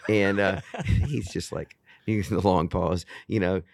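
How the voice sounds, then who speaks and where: Speaking low and unhurried with vocal fry and no echo, a man in his fifties from Texas shares stories during an interview. He's a worship singer-songwriter, earnest and animated, who often restarts sentences.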